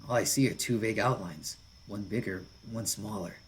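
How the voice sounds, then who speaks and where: A man with a fairly low voice reads a visual novel aloud as its narrator. He keeps up casual asides and small chuckles between passages, with faint background noise under the recording. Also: normal speed, low-quality recording. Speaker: visual novel let's player.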